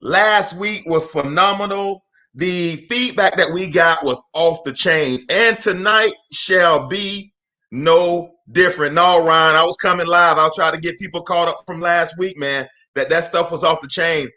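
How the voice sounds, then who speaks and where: High, bright-voiced preaching man. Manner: preacher-like, greets viewers by name. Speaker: motivational speaker and livestream host. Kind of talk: live-streamed motivational talk.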